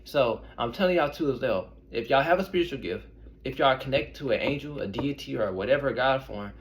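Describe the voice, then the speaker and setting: A man's voice: mid-range voice, expressive, fairly quick. Rambling young man telling stories. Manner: rambling, conversational, addresses viewers as y'all. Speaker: intuitive reader and medium. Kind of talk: casual storytelling to camera.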